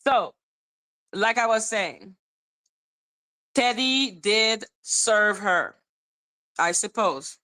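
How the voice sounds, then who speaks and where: A woman's voice: medium pitch, extremely slow, pauses often, pushed and bright. A woman hosting a casual livestream, reading court documents aloud and bantering with her chat. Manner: chatty, muttering while reading, bantering with chat. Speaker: livestream host.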